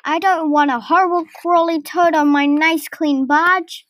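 A woman's voice: extremely high pitch, fairly even intonation, unhurried, a bit bright, no room sound, clean studio sound, voice pushed up. A woman voicing a bossy, scornful barge woman in a storybook reading.

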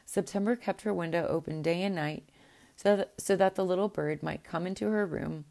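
A woman reading a fairy tale aloud in a gentle, unhurried way, with the odd small restart. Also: lowish voice, vocal fry. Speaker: storyteller. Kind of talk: storybook read-aloud.

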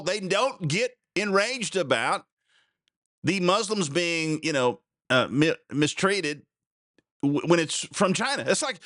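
A man's voice: on the high side, fairly bright tone, no echo. Man, podcast host, rambling fired-up commentary, dry close sound. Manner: rambling, fired-up, full of fillers. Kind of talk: casual commentary.

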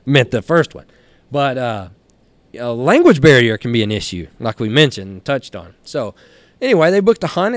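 A Texan man telling stories as a guest on a studio podcast, animated and blunt, laughing through his tales and cursing casually. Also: medium pitch, no room sound. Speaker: guest, helicopter hunting outfitter.

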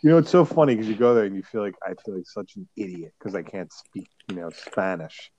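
A man's voice: fairly low pitch, animated, fast talker, warm tone, highs cut off. Rambling man telling travel stories. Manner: rambling, laughing, mimics voices in anecdotes. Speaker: podcast co-host. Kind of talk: casual chat, storytelling.

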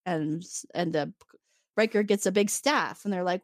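A woman in casual chat, retelling an episode with lively storytelling and laughing often. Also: lowish voice, moderate pace, no echo, studio quality. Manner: animated storytelling, acting out characters' lines. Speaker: podcast co-host.

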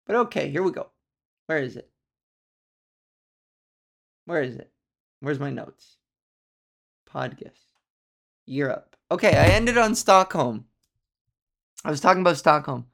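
Podcast host: young woman with a gravelly, vocal-fry edge, swearing freely through a rambling solo rant. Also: low-pitched. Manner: profane, rambling, ranting. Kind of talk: casual solo podcast monologue.

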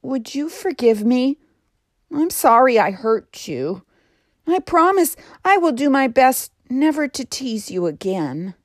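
A woman's voice: high voice, big pitch swings, takes it slowly, dry recording, studio quality, voice pushed up, full character voice. Woman doing a giggly teasing young goat. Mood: sorry.

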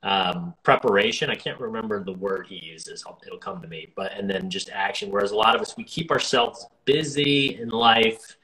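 Bright-voiced American man hosting. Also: lowish voice, moderate pace, few pauses, rough recording. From United States. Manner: rambling, many fillers and restarts, friendly. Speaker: podcast host. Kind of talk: casual interview chat.

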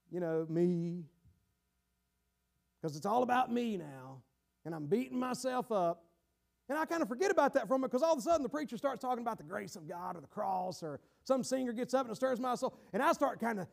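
High-pitched gravelly man preaching. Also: expressive, a little fast. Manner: dramatic, acts out voices of a guilty sinner; shouts at emphatic peaks. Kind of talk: sermon.

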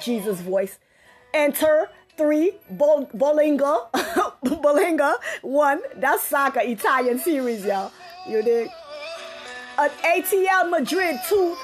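Woman doing a laid-back slangy sports podcast, kinda high voice, music going behind her. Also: moderate pace. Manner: loose and playful, slangy, laughing, drops into a gospel tone. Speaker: podcast host reading sports scores. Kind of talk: casual sports chat. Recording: music playing underneath.

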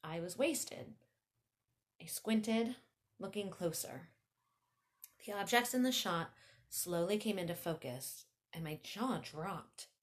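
A woman host telling a first-person story, animated, breaking off into chatty asides. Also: medium pitch, takes it slowly, pauses often.

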